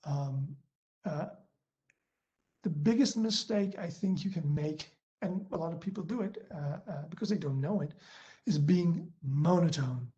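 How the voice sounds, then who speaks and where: A man gives a presentation on a webinar from his computer, and his mellow, soft-toned voice comes through dull, lo-fi video-call audio. He speaks loosely with lots of ums, uhs and self-corrections, like a speaker working without a script. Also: fairly high pitch, lively intonation, measured pace. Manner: hesitant, many fillers and restarts. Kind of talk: online presentation talk. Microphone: laptop built-in mic on a video call.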